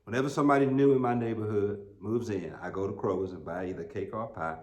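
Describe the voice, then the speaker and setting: Folksy American pastor in a roomy church. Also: male voice, fairly low pitch, steady tone, fast. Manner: folksy, humorous storytelling with rising emphatic peaks. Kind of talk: sermon. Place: church sanctuary.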